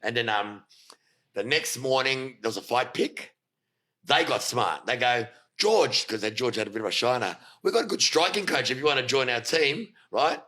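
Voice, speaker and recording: Aussie bloke yarning on a podcast, bright punchy voice, swears a lot, does the voices. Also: male voice, medium pitch, normal speed. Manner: animated, swears freely, acts out quotes. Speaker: guest, fight coach. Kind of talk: storytelling in a podcast chat.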